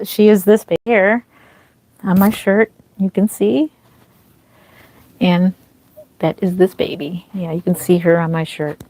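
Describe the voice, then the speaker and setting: A woman's voice: medium pitch, darkish tone, dry recording. A woman hosting a livestream as a reborn doll artist, chatting with viewers, thanking them by name, with lots of fillers and a slightly dry throat. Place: home nursery. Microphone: wearing a microphone.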